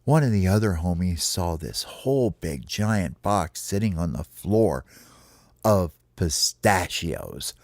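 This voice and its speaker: A man telling a playful children's story to his kids in an animated way. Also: sits low, takes it slowly, dry recording. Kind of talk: bedtime storytelling.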